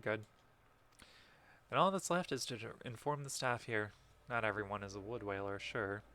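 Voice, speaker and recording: A man voicing a stern middle-aged male stable master in a game, reading the lines in a measured, dutiful way. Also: lowish voice, pushed and bright.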